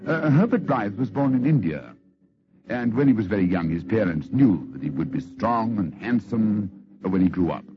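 A man's voice: lowish voice, animated, moderate pace. A man telling a story in scripted radio narration, dramatic and theatrical, on a lo-fi old radio recording.

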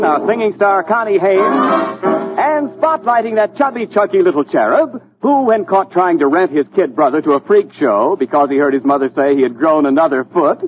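A high, animated male announcer introduces a 1940s radio comedy with showy emphasis. The sound is thin and phone-like, with the orchestra clearly playing underneath.

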